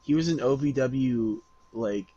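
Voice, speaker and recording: A man's voice: mid-range voice, a little slow, dark tone, no room sound, dull audio. Laughing man explaining wrestling history. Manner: laughing, profane, explains backstory. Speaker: podcast co-host. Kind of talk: casual wrestling recap chat.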